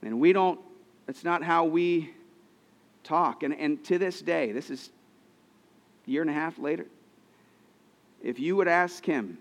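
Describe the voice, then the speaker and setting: A man's voice: a little high, unhurried, long pauses, long reverb tail. A man in his thirties preaching a sermon, telling personal stories in an earnest way, often restarting his sentences. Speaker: pastor.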